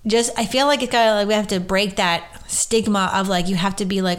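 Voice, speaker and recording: A woman's voice: mid-range voice, fairly even intonation, a little fast, few pauses, clean tone. A woman hosting her own podcast, talking in a rambling, chatty way with lots of "like" and "right?". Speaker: podcast host. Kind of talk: casual solo podcast chat.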